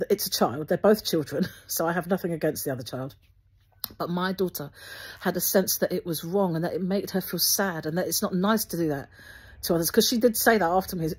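A breathy, earnest woman with a voice on the low side hosts a Christian video, offering spoken encouragement to viewers. She's gently instructive and often restarts her sentences.

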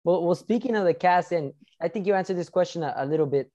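A man's voice: high voice, fast talker, warm tone, highs cut off. A young man hosting a casual interview, eager and admiring, often restarting his sentences. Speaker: interview host.

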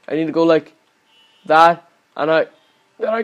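Young man, gaming commentary, slightly high voice, swears nonstop, frustrated yelling. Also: moderate pace, clear, resonant tone. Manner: swears constantly, yells at the game in frustration. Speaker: gaming channel host. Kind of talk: gameplay commentary.

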